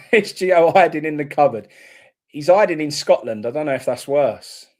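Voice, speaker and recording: A man's voice: fairly high pitch, animated, normal speed. A man hosting a live football watchalong, chatting casually and reacting bluntly to the play.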